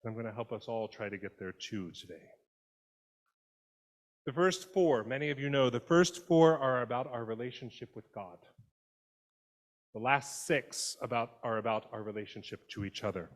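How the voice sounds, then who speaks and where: Male pastor, sermon delivery, conversational and expressive, mid-pitched voice, long church reverb. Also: normal speed. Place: church sanctuary.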